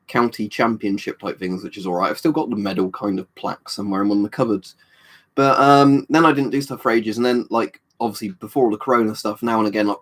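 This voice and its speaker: A man chatting casually on a live stream, reading out chat messages, swearing freely and rambling with fillers. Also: lowish voice.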